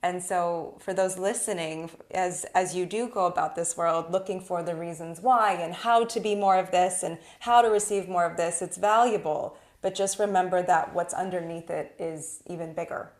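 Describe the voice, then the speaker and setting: A woman hosting a podcast, speaking earnestly and gently listing what matters. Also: lowish voice, normal speed, hardly any pauses. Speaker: podcast host. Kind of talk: reflective conversation.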